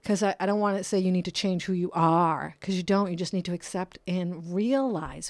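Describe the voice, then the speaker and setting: A woman hosting her own podcast in a casual solo monologue, her voice swinging up and down with jokey asides and soft whispered moments. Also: medium pitch, brisk, hardly any pauses, dry recording. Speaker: podcast host. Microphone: close podcast microphone.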